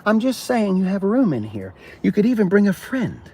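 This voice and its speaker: A man's voice: sits high, wildly swooping pitch, normal speed, dark tone, slightly rough. A middle-aged man joking and teasing as he shows cars around a car lot. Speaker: car dealership vlogger. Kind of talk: casual walkaround chat.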